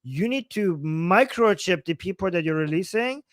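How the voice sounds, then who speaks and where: A man's voice: high voice, animated, moderate pace, no echo. A man hosting a political livestream, ranting with emphatic repetition and swearing, reading out viewer super chats. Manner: ranting, emphatic, profane, repeats phrases for force. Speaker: livestream host. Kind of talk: heated political livestream talk.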